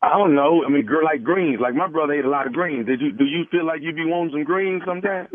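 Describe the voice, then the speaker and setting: A man's voice: on the high side, quick pace, dry recording. A man making a prank phone call as a radio prankster, pushing his point with constant "you know"s and restarts. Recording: dry tinny phone line.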